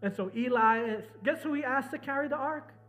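A pastor with a strikingly high voice delivers a sermon to his church at a moderate pace, with faint instrumental music underneath. He swings between loud, urgent exhortation and a soft, low retelling of the story.

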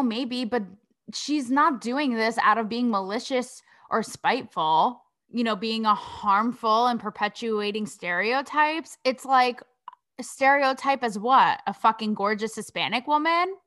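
Young woman, podcast host, from Connecticut, sassy and blunt, swearing, rhetorical questions, sharp bright tone, slightly high voice. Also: unhurried. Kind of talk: casual commentary monologue.

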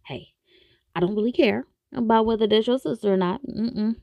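A woman's voice: a little high, normal speed, vocal fry, darkish tone, no room sound. A woman hosting a podcast, ranting bluntly and with exasperation in casual opinionated commentary. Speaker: podcast host reviewing a TV series.

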